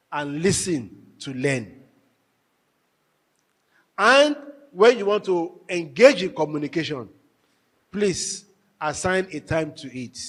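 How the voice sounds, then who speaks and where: A man's voice: on the high side, breathy edge. A man giving a marriage workshop talk, telling stories and acting out both spouses. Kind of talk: lively workshop talk with acted anecdotes. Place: workshop hall.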